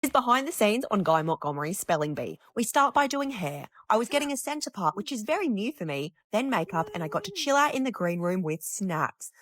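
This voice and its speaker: A woman's voice: medium pitch, big pitch swings, brisk, hardly any pauses, fairly bright tone. A young woman in her twenties giving a sarcastic, observational comedy monologue. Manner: wry, sarcastic observational delivery. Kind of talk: comedic social media monologue.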